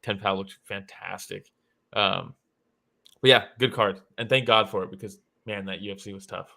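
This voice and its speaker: A man's voice: on the low side, fairly even intonation, moderate pace, creaky, bright, forceful tone. A man co-hosting a casual fight reaction show, upbeat and agreeable, often laughing. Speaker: co-host.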